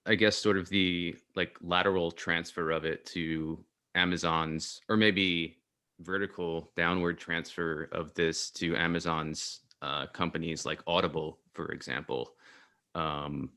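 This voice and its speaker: Very deep-voiced man host. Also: flat delivery, bright, forceful tone. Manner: halting, searching for words. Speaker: podcast host. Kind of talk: casual chat.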